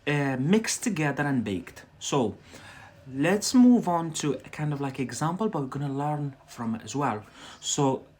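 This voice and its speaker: A man with a Scottish accent teaching English on a livestream, chatty and repeating words slowly for learners. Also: a little high, expressive, a little mellow. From Scotland.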